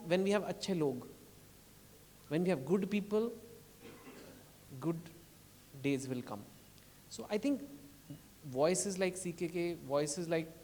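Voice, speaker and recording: A man's voice: high voice, a little mellow, in a large hall. A man with an Indian English accent giving an impassioned public speech at a book launch, pleading and rising to emphatic outbursts. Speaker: author speaking at a book launch. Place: event hall.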